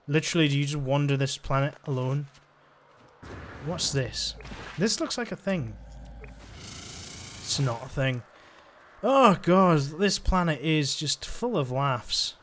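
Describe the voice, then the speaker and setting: A man's voice: on the high side, a bit bright. A man giving chatty, joking commentary while he plays a video game. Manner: chatty, joking, thinks aloud. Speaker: let's-play gamer. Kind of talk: casual gameplay commentary.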